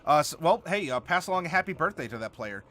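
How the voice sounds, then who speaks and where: A man's voice: on the high side, lively intonation, fast talker, bright, forceful tone. A man hosting a live stream, chatting casually and answering viewer comments while he builds a game character. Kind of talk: casual livestream chat.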